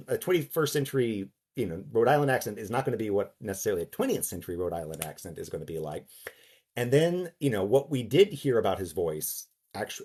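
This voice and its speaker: A man giving a casual lecture, halting and animated, slipping into character voices. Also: lowish voice, slightly rough.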